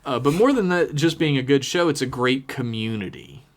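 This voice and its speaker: A man's voice: medium pitch, animated, normal speed. Male podcast co-host, casual chat, wry email reader with a loose, profane delivery. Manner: wry, swears casually, reads with mock drama.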